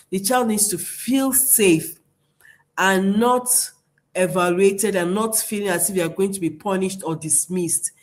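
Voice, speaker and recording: A woman speaking earnestly to parents, giving advice on talking with their children. She repeats key phrases and keeps checking that her listeners understand. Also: medium pitch.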